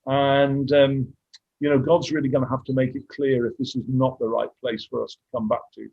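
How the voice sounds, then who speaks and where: Man in his sixties, husky voice, dry muffled call audio, candid reflective storytelling. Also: mid-range voice, flat delivery, moderate pace, no room sound. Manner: candid, reflective, getting emotional at times. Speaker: guest speaker, mission dentist. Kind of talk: casual storytelling on a video call.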